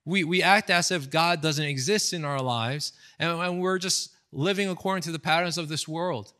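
A man's voice: a little high, normal speed. A man in his thirties from the United States, a pastor giving a casual storytelling sermon with lots of fillers. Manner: casual, animated storytelling with fillers and acted quotes. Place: indoors, online seminar recording.

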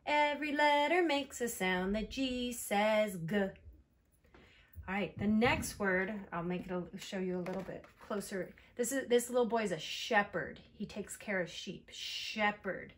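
A woman teaching a kindergarten phonics lesson from home, stretching out letter sounds slowly and praising the children brightly. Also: medium pitch.

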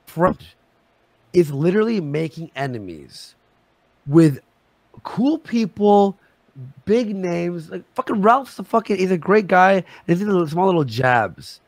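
A man in his thirties arguing heatedly on a live stream, agitated and swearing, talking in quick bursts full of restarts. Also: fairly high pitch, creaky, dry recording. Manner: agitated, swearing, rapid shifts in loudness.

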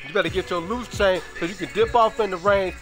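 A man's voice: high voice, fast, music in the background. A young man from Chicago with a Chicago accent, chatting casually on his stream in slangy, profane talk full of drawled repeats.

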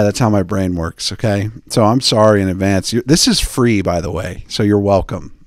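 A man hosting a podcast, telling jokey, digressive stories and slipping into quick impressions of the people he quotes. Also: lowish voice, dry recording, clean studio sound. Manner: digressive, joking, mimics people in quoted asides. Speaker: podcast host. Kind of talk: rambling comedic podcast chat.

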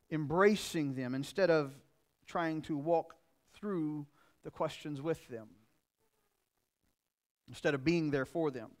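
Middle-aged male preacher, slightly raised pitch, earnest, dynamic sermon delivery. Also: slow pace. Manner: earnest, repeats phrases, swings between loud emphasis and quiet. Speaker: pastor.

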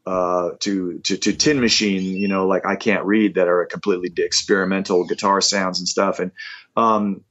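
A man in his fifties telling animated, self-deprecating stories in a casual interview. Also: low-pitched, normal speed. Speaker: rock musician guest. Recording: dull lo-fi audio.

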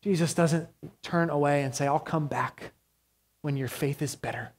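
A man preaching a sermon as pastor, earnest, moving between hushed quiet passages and raised urgent ones. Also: on the high side, fairly even intonation, normal speed.

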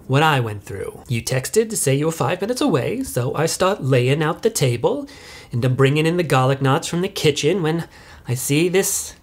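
An actress playing a self-righteous, oblivious middle-aged suburban mother, rambling in a comic monologue of video messages. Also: low voice. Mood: chatty.

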